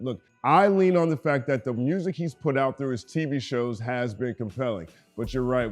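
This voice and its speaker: A man hosting a music commentary show in a relaxed, conversational voice with a fairly high pitch. He reads viewer comments and answers them with wry asides and bursts of animation. Faint music plays under him. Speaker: host reading viewer comments. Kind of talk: casual commentary.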